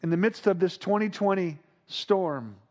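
A man delivers a sermon in a notably high voice. He builds to loud, urgent repetitions, then drops to low, hushed phrases for the calm moments. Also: moderate pace. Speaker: preacher.

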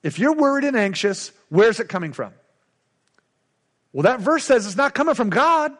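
Man, middle-aged, pastor, sermon, high-pitched, emphatic repetition. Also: sing-song, moderate pace, fairly bright tone. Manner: emphatic, repetitive call-and-response preaching.

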